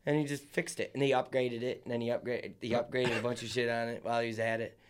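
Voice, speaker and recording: A man's voice: medium pitch, level tone, fast, smooth. A young man co-hosting a podcast, telling stories bluntly with plenty of swearing and laughter. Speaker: podcast co-host. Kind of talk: casual chat.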